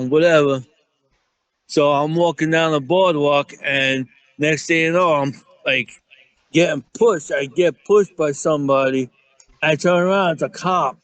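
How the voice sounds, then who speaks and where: A man's voice: fairly high pitch, a bit bright, poor audio. A man from Staten Island with a New York accent, telling rambling, profane stories in casual chat and acting out the quotes. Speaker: guest storyteller.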